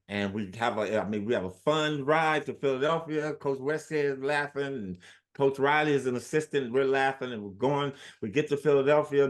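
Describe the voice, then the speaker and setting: A man in his sixties, a former athlete, telling stories in an interview and acting out the quotes of the people in them. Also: medium pitch. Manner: animated storyteller, acts out quotes. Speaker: former basketball player, guest. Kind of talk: storytelling in an interview.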